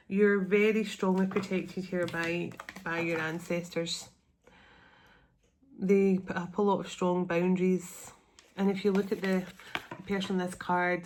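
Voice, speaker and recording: A woman giving a spiritual tarot reading, earnest and emotional, slowing down and drawing out the words that matter. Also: fairly low pitch, a little mellow, slight background noise. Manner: emotional, close to tears. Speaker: tarot reader.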